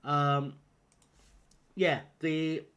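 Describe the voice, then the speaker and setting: A man talks through a football management game on a live stream. His voice sits in an ordinary middle pitch, and he rambles and fusses aloud as he sorts out his lineup. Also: level tone, drawn-out words, fairly bright tone, clear, resonant tone. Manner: rambling, flustered, talks to himself while picking a team. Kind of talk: live-streamed gameplay commentary.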